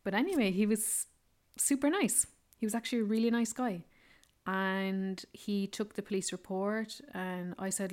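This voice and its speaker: A young Irish woman hosting a podcast, telling a travel story in a chatty, animated way. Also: medium pitch, moderate pace. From Ireland. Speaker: podcast host.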